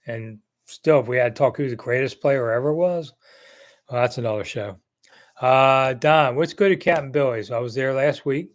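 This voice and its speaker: A man's voice: medium pitch, moderate pace. A man in his sixties hosting a sports live chat, answering viewers in a rambling, chatty way with jokey asides. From Maryland area. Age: 60s. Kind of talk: casual live-stream chat.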